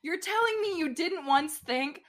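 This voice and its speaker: A woman with a high, bright voice chats casually as a podcast co-host. She retells a show with exasperated energy, quoting characters and laughing at them. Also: lively intonation, a little slow. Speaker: podcast co-host recapping a TV episode. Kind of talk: casual chat.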